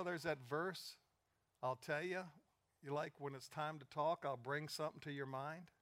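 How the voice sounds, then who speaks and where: An older man preaching a sermon, retelling conversations and building to loud, emphatic peaks. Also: a little high, no room sound. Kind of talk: sermon storytelling.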